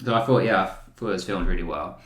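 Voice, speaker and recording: A low-voiced male host who chats excitedly and jokes around. His voice rings in a roomy, echoey space. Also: fast. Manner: excitable, jokey. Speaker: podcast host. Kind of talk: casual chat.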